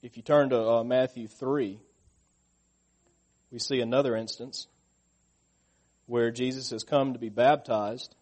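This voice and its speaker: A middle-aged man preaching a sermon, asking the listeners questions and getting louder and higher when he stresses a point. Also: steady tone, unhurried, pauses often.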